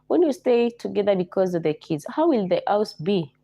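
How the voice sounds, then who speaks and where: Hoarse Kenyan woman hosting a livestream. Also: mid-range voice, sing-song, moderate pace, dark tone, highs cut off. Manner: repeats herself, greets viewers by name. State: hoarse from a flu. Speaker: livestream host. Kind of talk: casual livestream chat.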